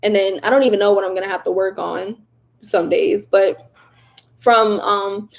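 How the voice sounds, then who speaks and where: A young woman hosting a casual livestream, reading viewer comments aloud in a chatty, animated way and laughing often. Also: mid-range voice, moderate pace, vocal fry. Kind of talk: casual live chat.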